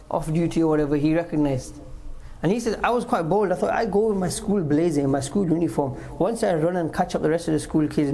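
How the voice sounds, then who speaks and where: Guy giving a mosque talk, tells stories, repeats stuff for emphasis, warm low-key voice. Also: low-quality recording. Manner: storytelling, acts out quotes, emphatic repetition. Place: mosque hall.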